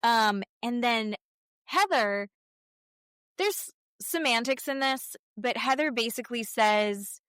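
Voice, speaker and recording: A woman's voice: fairly high pitch, slow, fairly bright tone, clear, resonant tone, no room sound, studio quality. A woman co-hosting a podcast, recapping reality TV in casual chat, blunt and profane, acting out what the cast members said. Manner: blunt, swears freely, acts out quotes. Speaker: podcast co-host.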